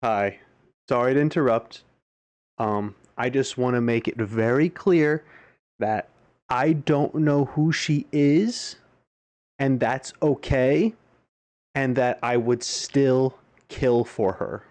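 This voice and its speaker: A man hosting a game reaction video, talking in an animated, musing way with frequent asides. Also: medium pitch, slow. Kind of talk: casual commentary.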